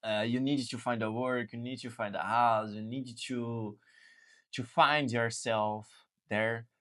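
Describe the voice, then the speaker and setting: A Brazilian-accented man hosts a casual English conversation, earnest and a bit repetitive as he makes his point. His voice sits at an ordinary mid pitch. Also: steady tone, a little slow, fairly bright tone. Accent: Brazilian Portuguese. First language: Portuguese. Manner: earnest, repeats words and says "man". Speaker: host.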